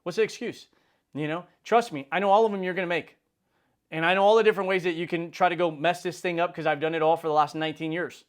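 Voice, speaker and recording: A man in his forties hosts a motivational video in a loose, conversational way. His voice sits a little higher than most men's. He peppers his talk with slang and jumps into short acted-out exchanges. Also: steady tone, fast talker. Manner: casual, slangy, acts out quoted dialogue. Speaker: insurance business leader and video host.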